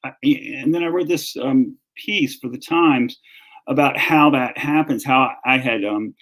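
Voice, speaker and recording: A man's voice: medium pitch, a little slow, a bit bright, poor audio. An older man with a Southern drawl, talking casually as a guest in an interview. He rambles from one memory to the next, circling back with fillers and restarts. His voice sits in an ordinary middle range. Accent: Southern American. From North Carolina. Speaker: guest author and critic.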